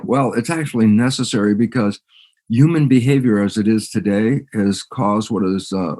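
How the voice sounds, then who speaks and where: A man, a biologist and podcast guest, talking in a lively storytelling way, acting out quoted lines and laughing between sentences. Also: medium pitch. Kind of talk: animated storytelling interview talk.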